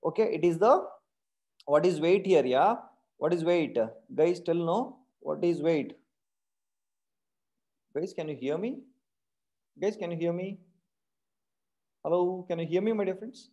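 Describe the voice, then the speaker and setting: A man's voice: high-pitched, unhurried, long pauses, darkish tone. A man with an Indian English accent teaching a live online programming class, who keeps quizzing his students with repeated questions and tag questions. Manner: calls his class "my dear friends".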